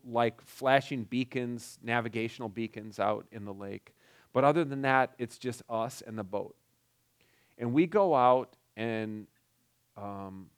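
Middle-aged guy telling a story, halting, lots of restarts and likes, mid pitch. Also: clear, resonant tone. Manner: halting, many restarts and "like" fillers. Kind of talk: casual personal storytelling.

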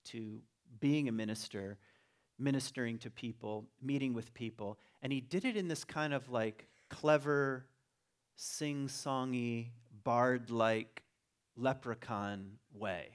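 A middle-aged man giving a relaxed, conversational talk, telling a family story with frequent restarts and fillers. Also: mid-range voice, slow pace, smooth. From Virginia.

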